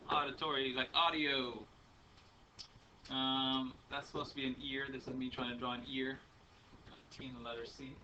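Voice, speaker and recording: A man's voice: medium pitch, little pitch movement, moderate pace, pauses often, pushed and bright, muffled recording. A man teaching a math class, lecturing in a chatty, rambling way with many ums and uhs. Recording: faint room noise, speaker a bit far from the mic.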